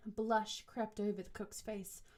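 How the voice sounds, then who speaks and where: A woman's voice: mid-range voice, level tone. Sarcastic woman reading a book aloud. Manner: sarcastic, quick asides, swears. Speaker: podcast co-host and reader. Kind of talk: book reading with comic commentary.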